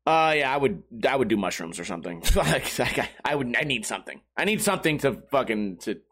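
A man's voice: mid-range voice, brisk. A man ranting casually to his viewers, swearing often and rambling with restarts. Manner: profane, animated, rambling with restarts. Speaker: talker addressing viewers.

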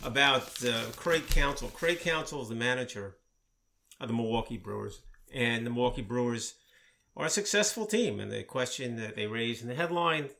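A man's voice: mid-range voice, animated, moderate pace, vocal fry, sharp tone. A man in casual conversation, giving short, dry, wry replies.

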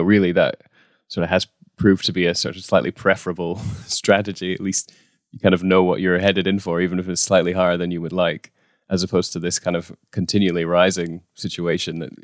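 A man in a casual podcast discussion, talking quickly with fillers like "you know". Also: sits low, flat delivery, no room sound, studio quality.

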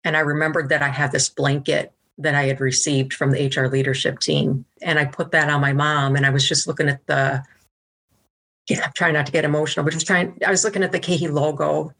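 A woman answering interview questions, recounting her experience with earnest feeling. Her voice is bright, with a gravelly rasp at the bottom, and her pitch stays quite even. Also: fast. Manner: earnest, heartfelt. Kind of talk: reflective conversational storytelling.

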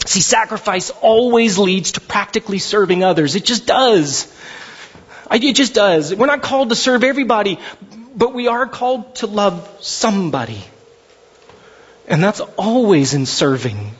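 A male pastor preaching with emphatic, conversational passion. His voice sits high and carries a husky edge. The recording is muffled and lo-fi. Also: expressive, normal speed. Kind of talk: sermon.

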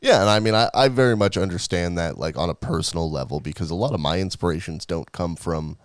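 A man's voice: sits low, quick pace, dry recording. A man co-hosting a podcast in casual chat, rambling, laughing often and swearing freely. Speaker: podcast co-host.

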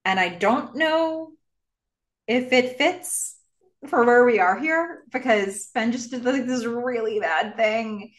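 A woman co-hosting a casual podcast, thinking out loud about a scene with frequent pauses and restarts. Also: a little high. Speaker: podcast co-host. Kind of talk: casual rewatch podcast chat.

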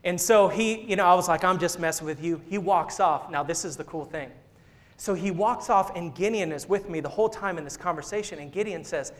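A man's voice: high-pitched, brisk. A man in his thirties, a pastor preaching a sermon in church, telling a story and joking with the congregation. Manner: playful, jokes and laughs with the congregation. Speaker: senior associate pastor. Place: church sanctuary.

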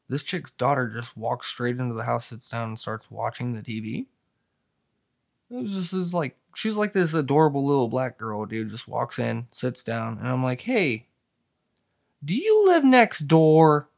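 A man with a gravelly, fry-heavy voice sits in a loose, casual chat. He tells long stories in a profane, slangy way and tends to keep his words easygoing and unhurried. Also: medium pitch.

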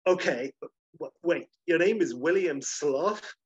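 Bewildered young woman, pushy questions; a man doing a higher husky voice, dull lo-fi sound. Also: expressive, slow, heavily acted. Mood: impatient, bewildered. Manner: raised pitch, urgent, questioning. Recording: dull lo-fi recording.

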